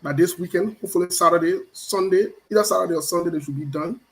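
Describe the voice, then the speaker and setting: A man, his voice sitting high for a man, hosts a loose live show and greets his viewers one by one. He teases them playfully and circles back over his own phrases. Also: quick pace, rough recording. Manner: playful, teasing, repeats phrases. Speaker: show host. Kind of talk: casual live-stream chat greeting viewers.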